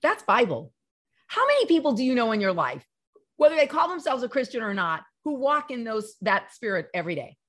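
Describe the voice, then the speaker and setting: A woman pastor talking as a podcast guest, lively and full of restarts as she tells stories. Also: fairly high pitch, fairly quick. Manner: animated storyteller, many restarts and quoted dialogue. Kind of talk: casual chat. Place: Los Angeles.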